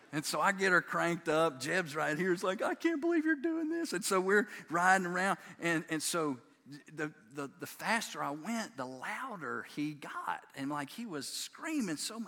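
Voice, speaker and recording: Man, pastor, folksy sermon storytelling, high voice, bright tone. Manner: folksy, animated, acts out voices of his sons.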